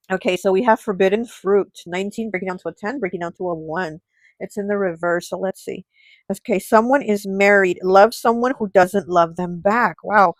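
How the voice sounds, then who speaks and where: A woman reads tarot cards, thinking aloud and often breaking into surprised exclamations. Her voice sits at a medium pitch and frequently sinks to a soft, low murmur. The recording is dry, with little room sound. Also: dry recording, rough recording. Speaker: tarot reader. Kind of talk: pick-a-card tarot reading to camera.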